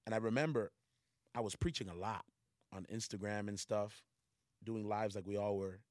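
A man's voice: lowish voice, normal speed, dry recording, studio quality. A man giving a casual, slangy sermon to a livestream audience, talking conversationally and rising into emphatic preaching.

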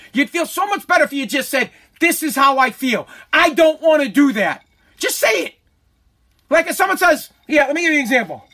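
A man's voice: very high voice, bright, forceful tone. A man ranting angrily, profane and repeating himself as he hammers each point home. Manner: heated, profane, repetitive. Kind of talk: angry rant.

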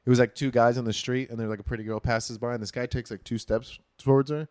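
A man's voice: medium pitch, flat delivery, quick pace, darkish tone, no room sound, clean studio sound. A man hosting a podcast, ranting animatedly and swearing in casual chat.

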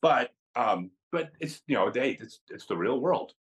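A man who is a podcast guest and tells chatty, animated stories with frequent restarts. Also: medium pitch, unhurried. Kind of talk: casual storytelling.

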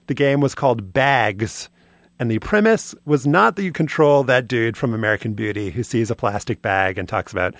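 Co-hosting a podcast, a man with a creaky mid-range voice tells a prepared segment story during casual chat, his delivery dry and wry. No room sound is audible.

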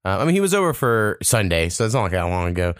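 A man's voice: on the low side, very animated, fast talker, clean tone, dry recording, studio quality. A young man, hosting a casual podcast and telling long, profane, rambling stories. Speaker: podcast host.

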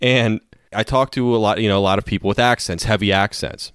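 A man with a lowish voice, chatting casually as a podcast co-host. He tells long, meandering stories and breaks into laughter along the way, recorded close and dry with no room sound. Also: steady tone, brisk, a bit bright, clean tone, dry recording. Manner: rambling storyteller, laughs often. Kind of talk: casual chat.

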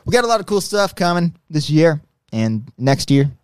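A man hosting a podcast, chatting casually and joking in an animated way. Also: a little high, clean tone, no echo. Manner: animated, quick, jokey. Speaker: podcast host. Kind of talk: casual chat.

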